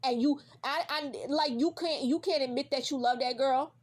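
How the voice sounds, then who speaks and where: A woman's voice: sits high, moderate pace. A woman ranting directly at a TV character in a casual reaction vlog, heated and profane, repeating lines for emphasis. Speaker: vlogger.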